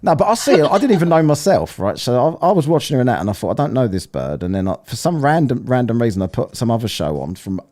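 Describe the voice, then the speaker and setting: Lively swearing Englishman teasing his panel. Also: medium pitch, fast, few pauses. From England. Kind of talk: casual panel chat.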